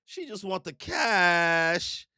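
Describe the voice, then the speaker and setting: A man's voice: sits high, extremely slow, gravelly, smooth, no room sound, studio quality. A young man doing live reaction commentary on a manga chapter, joking and slangy, acting out the characters as he goes. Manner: joking, animated, slangy, acts out characters in put-on voices.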